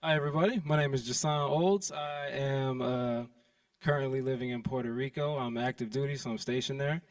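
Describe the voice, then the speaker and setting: Male seminar attendee reading an offer letter, steady delivery, distant mic. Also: mid-range voice, a little fast. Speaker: seminar participant pitching an offer. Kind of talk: reading a letter of intent aloud. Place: event stage before an audience.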